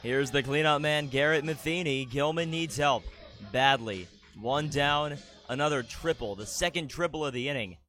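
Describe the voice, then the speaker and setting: A man's voice: a little high, moderate pace, a bit bright, soft background music. A man calling a baseball game play by play, with dry, teasing banter with his partner between the plays. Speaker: play-by-play commentator. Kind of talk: live baseball commentary.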